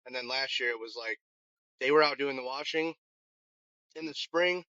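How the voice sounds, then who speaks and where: A man's voice: mid-range voice, normal speed, pushed and bright, clear, resonant tone, no echo. A man, a firefighter who runs a vending business, telling his story in a casual interview with many restarts and fillers. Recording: dull, lo-fi sound.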